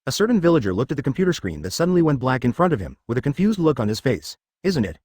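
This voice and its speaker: A man narrating a web-novel audiobook in a steady read-aloud manner. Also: medium pitch, racing, no echo, studio quality.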